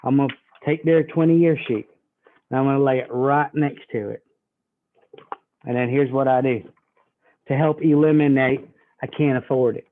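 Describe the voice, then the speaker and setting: A man giving a sales training, folksy and animated as he acts out a pitch to a customer. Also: normal speed, pauses often, slight background noise. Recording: tinny phone-like audio.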